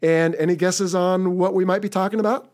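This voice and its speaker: An American man hosts a podcast in an easy, chatty manner. His voice sits a little high for a man and carries an upbeat, rambling energy. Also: fairly even intonation, fairly quick, a little mellow. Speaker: podcast host. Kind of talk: casual podcast talk.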